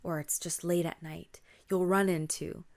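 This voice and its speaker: Eager schoolgirls trading a scary rumor, as a woman storyteller puts them on. They talk in a breathless, whispery hush, low in pitch. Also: little pitch movement, unhurried, gravelly. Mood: conspiratorial. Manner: breathless, whispery when spooky. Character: gossiping schoolgirls, young, eager.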